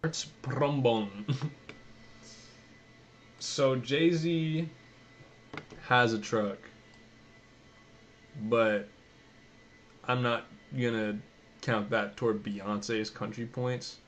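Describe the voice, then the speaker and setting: A man's voice: medium pitch, very slow, pauses often, a bit bright, a little hiss or hum. A young man giving casual, offhand commentary, thinking aloud and swearing as he browses. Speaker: vlogger.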